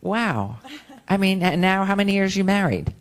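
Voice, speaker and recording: A woman mayor giving warm, effusive congratulations at a council meeting. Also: medium pitch, sing-song, moderate pace. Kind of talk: ceremonial remarks at a council meeting.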